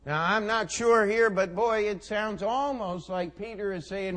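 A male preacher delivering a sermon, retelling scripture with folksy asides and dramatic swings between soft and loud. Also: sits high, fairly even intonation, measured pace.

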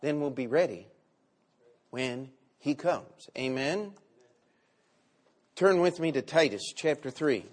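A man preaching a sermon, with big swings between loud and quiet. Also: a little high, animated, slow, long pauses. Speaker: pastor.

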